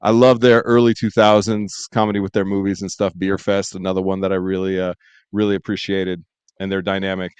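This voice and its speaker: A man's voice: low-pitched, flat delivery, a little fast, a little mellow, clear, resonant tone, no echo. A man co-hosting a podcast, talking casually and enthusiastically about films, laughing often and quoting lines. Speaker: podcast co-host.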